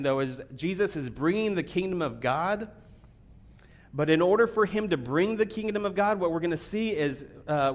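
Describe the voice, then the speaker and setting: A man giving a sermon as a pastor, talking casually with fillers and restarts, then reading scripture more quietly. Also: on the high side. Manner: conversational preaching with fillers, reads scripture quietly.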